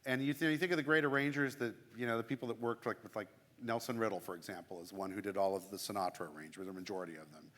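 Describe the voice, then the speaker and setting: A man's voice: fairly low pitch, fairly even intonation, rapid-fire, a bit bright. A man, a church music director, chatting casually and enthusiastically about his craft. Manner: enthusiastic, chatty, self-deprecating asides. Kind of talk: casual explanatory talk. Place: church sanctuary. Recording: long hall reverb.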